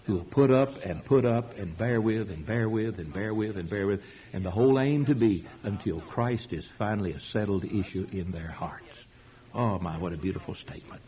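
Husky preacher man on old tape. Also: fairly low pitch. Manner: folksy, emphatic, acts out quotes. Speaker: preacher teaching a Bible class. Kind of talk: Bible study sermon. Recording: dull old tape recording.

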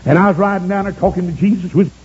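Fervent high-voiced man preaching. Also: rapid-fire. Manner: fervent, shouts praise, folksy storytelling. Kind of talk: sermon. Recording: dull lo-fi recording with congregation.

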